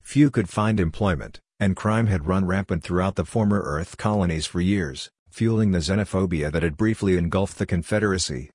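Male audiobook narrator, deep husky voice, steady measured delivery, dry close recording. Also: dry recording.

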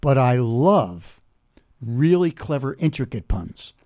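A man in his seventies explaining humor in conversation and telling a joke slowly, step by step, with pauses. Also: mid-range voice. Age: 70s. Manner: animated, builds jokes slowly with pauses.

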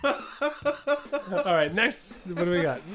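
A man's voice: high voice, animated, takes it slowly, fairly bright tone, faint music behind. A man co-hosting a late-night comedy podcast, giggly and riffing on running bits, often breaking into laughter. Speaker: podcast co-host.

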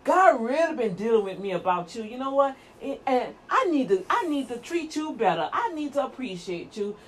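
Woman putting on a gushing insincere flatterer. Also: fairly high pitch, moderate pace, a little hiss or hum.

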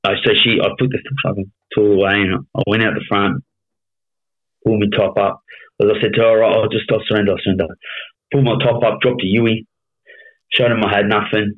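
A man's voice: lowish voice, little pitch movement, brisk. A man in his thirties with an Australian accent, telling his life story as a podcast guest in blunt, heavily sworn casual speech. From Melbourne, Australia. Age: 30s. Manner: blunt, heavy swearing, frequent "you know what I mean". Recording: tinny phone-like sound.

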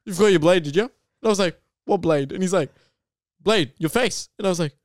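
A young man co-hosting a podcast in casual chat, who laughs a lot and backs up his friend with quick agreements. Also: high voice, no echo, clean studio sound. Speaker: podcast co-host.

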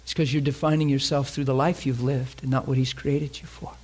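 A man preaching a sermon with passion, swinging between loud emphasis and hushed near-whispers and asking the congregation direct questions. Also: mid-range voice, level tone, brisk.

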